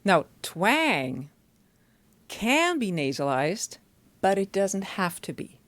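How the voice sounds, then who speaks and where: A woman's voice: mid-range voice, big pitch swings, slow pace, fairly bright tone, no echo. A woman voice teacher explaining singing technique in a chatty, step-by-step way, often checking in with the listener.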